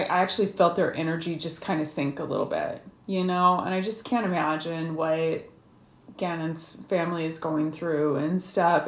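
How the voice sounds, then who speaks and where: Gravelly-voiced woman venting to her viewers. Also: lowish voice. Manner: frank and heated, swears freely, rambling asides. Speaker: numerology and tarot channel host. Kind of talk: casual vlog talk to viewers. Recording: echoey room.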